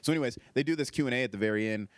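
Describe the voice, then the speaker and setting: A man's voice: medium pitch, rapid-fire, no echo, clean studio sound. A man, a stand-up comedian, telling a loose, profane story in casual chat with lots of fillers.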